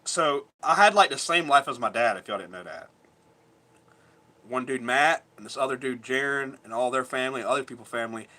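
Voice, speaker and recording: Rambling, profane bright-voiced man. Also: mid-range voice, lively intonation, brisk. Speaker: vlogger. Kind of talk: casual storytelling.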